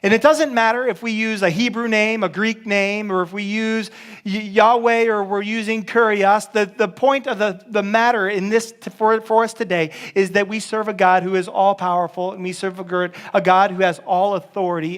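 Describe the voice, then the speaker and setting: A man's voice: high voice, fairly even intonation, normal speed, fairly bright tone, clear, resonant tone. A man preaching a casual, joking sermon as a pastor, with many restarts.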